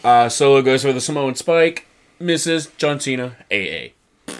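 Guy recapping wrestling shows, animated, mid pitch, keeps doing little voices of the wrestlers. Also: clear, resonant tone. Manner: animated, mimics wrestlers in quick put-on voices. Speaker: podcast co-host. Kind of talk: casual wrestling recap chat.

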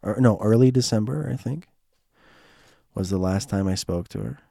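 A man with a hoarse, strained throat telling a personal story in a casual monologue, rambling and restarting, heartfelt with bits of joking. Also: lowish voice, normal speed, mellow, no echo, studio quality.

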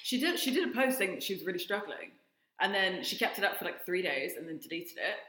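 A woman co-hosting a podcast in casual chat, making quick asides and laughing often. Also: fairly low pitch, sing-song, fairly bright tone, reverberant. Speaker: podcast co-host.

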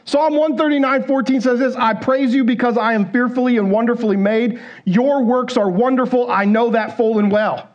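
A man with a fairly high voice preaches from a church stage, talking to the congregation as if in conversation. He keeps asking them questions and acts out quoted inner thoughts. The sound is a little dull and lo-fi. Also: fairly even intonation, moderate pace, few pauses. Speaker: pastor. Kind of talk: sermon.

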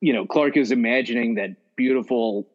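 Man, podcast co-host, casual chat, relaxed, swears freely, dull lo-fi audio. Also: medium pitch, brisk.

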